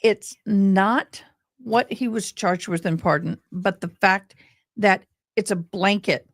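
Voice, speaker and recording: A tired, grieving woman hosting a casual livestream chat, talking slowly with frequent pauses and ums. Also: mid-range voice. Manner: slow, meandering, with frequent ums. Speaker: livestream host.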